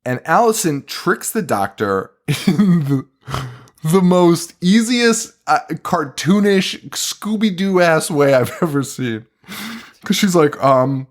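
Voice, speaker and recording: A man's voice: a little high, very animated, slow. A man co-hosting a podcast, casually recapping a film scene by scene, swearing often and laughing in disbelief. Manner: profane, laughing, incredulous recapping. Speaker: podcast co-host. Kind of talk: casual movie review chat.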